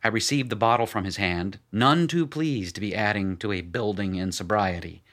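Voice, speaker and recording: Man reading a first-person story aloud, low voice, measured and plain. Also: a bit bright. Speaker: narrator.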